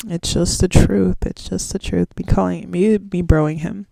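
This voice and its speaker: A woman's voice: fairly low pitch, fairly even intonation, unhurried, creaky, mellow, no echo. A woman in her twenties hosting a podcast solo, rambling in casual slang and swearing freely. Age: 20s. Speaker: podcast host.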